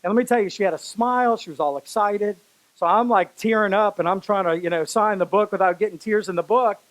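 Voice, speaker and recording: A man's voice: high-pitched, fairly quick, rough recording. A man giving a motivational keynote speech on stage, telling stories and speaking straight to the audience, repeating phrases for emphasis. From Louisiana, US. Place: stage before a live audience.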